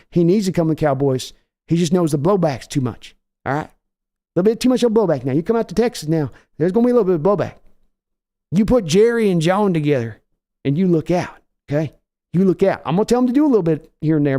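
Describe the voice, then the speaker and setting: Impression: a cocky old football team owner, done by a man, folksy and wheedling, pitched high, with a mellow tone. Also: expressive, fast, natural voice. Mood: boastful. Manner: folksy, wheedling, repeats himself. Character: brash boastful older male football team owner.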